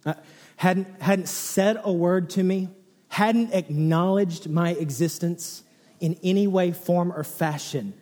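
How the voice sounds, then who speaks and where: A man in his thirties delivers a sermon as an animated storyteller, his voice sitting a little high for a man. He moves from low, hushed passages to bursts of excited near-shouting. The sound carries a long reverb, as from a large church hall. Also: slow pace. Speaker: pastor.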